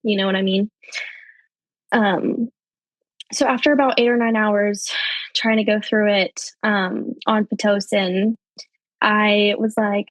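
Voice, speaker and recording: Young woman, podcast guest; casual storyteller, lots of um and you know, mid pitch, dry close mic. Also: fairly even intonation, slow pace, long pauses, dry recording. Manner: chatty, heavy with fillers like um and you know; jumps higher when quoting people.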